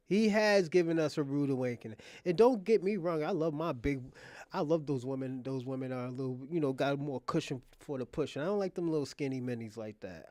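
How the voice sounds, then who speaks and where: A man's voice: mid-range voice, a little mellow, no echo, studio quality. A man hosting a commentary show, ranting bluntly and emphatically with frequent restarts.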